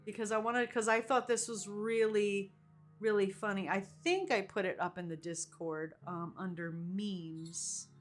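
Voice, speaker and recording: A woman's voice: medium pitch, steady tone, a little slow, soft background music. A woman streaming a video game live, chatting casually with viewers and laughing often as she drifts into rambling asides.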